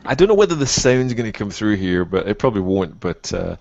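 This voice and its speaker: A man's voice: lowish voice, big pitch swings, creaky, a little mellow, no echo, lo-fi sound. A man co-hosting a casual hobby podcast, chatting eagerly and praising what he sees. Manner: enthusiastic, quick to praise. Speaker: podcast co-host.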